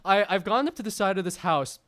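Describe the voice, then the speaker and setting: A man's voice: sits high, fast, fairly bright tone, no echo. A young man casually telling a rambling story as a streamer, full of fillers, laughing as he goes.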